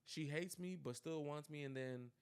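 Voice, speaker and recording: A young man telling a personal story in casual chat, animated and full of fillers, acting out quoted dialogue. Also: fairly high pitch, normal speed, clear, resonant tone. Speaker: podcast co-host telling his story.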